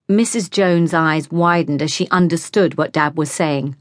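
A woman narrating a teen novel as an audiobook, reading at an even storytelling pace into a close studio mic. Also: deep voice, normal speed, dry recording. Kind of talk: scripted narration.

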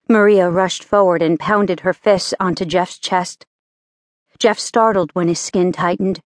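A woman reads a romance audiobook aloud from a script, her storytelling measured and even. Her pitch sits fairly low, and the recording is dry with clean studio sound.

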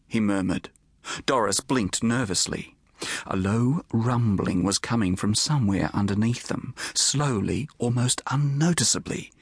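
A man, the author, narrating his own children's audiobook in a lively, expressive storytelling manner. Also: lowish voice, measured pace, husky, dry recording, clean studio sound.

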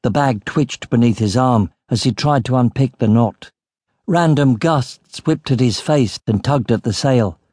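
A man's voice: mid-range voice, a little slow, darkish tone, slightly rough, no room sound. Male audiobook narrator, dry studio sound. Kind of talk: scripted narration.

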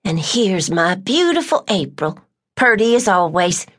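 In an audiobook, a woman reads as Tucker, a blunt rural woman who teases the kids in folksy dialect. Her voice jumps up high and lively for the teasing lines. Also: a little slow.

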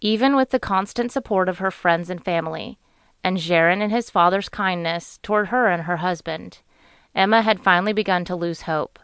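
A woman reads an audiobook in a measured, even storytelling voice, pitched on the low side. The tone is smooth and resonant, and the sound is close and dry with no room in it. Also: dry recording. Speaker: audiobook narrator. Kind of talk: scripted narration.

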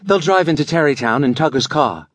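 A dashing young scientist gives brisk, reassuring orders, as a male narrator plays him. The voice sits a little high and moves with lively pitch. The audiobook recording is dry and close. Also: no room sound. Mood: assured.

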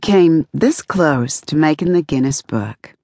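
A woman's voice: sits low, expressive, slow pace, warm tone, no room sound, studio quality, full character voice. A woman voicing a young female filmmaker who answers in a wry, dryly self-deprecating way.

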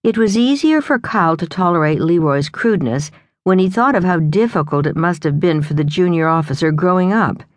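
A woman narrating a novel in a measured, even storytelling manner, close to the microphone. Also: lowish voice, no room sound. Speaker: audiobook narrator. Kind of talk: scripted narration.

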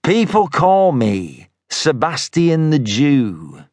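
A stocky northern rogue with a thin, nasal voice and a northern English accent drawls his words slowly with a teasing, faintly menacing edge, as a male narrator puts him on. The voice sits higher than an everyday man's and swings freely in pitch. It is recorded dry, with no room echo. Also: wildly swooping pitch, a little mellow, heavily acted. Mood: wry. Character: wry stocky northern man with bulldogs.

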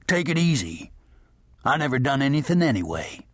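A man voicing a whiny, husky outlaw gunman. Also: mid-range voice, expressive, unhurried, no room sound, studio quality. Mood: sly mocking. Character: defiant dazed outlaw gunman, whiny and sly.

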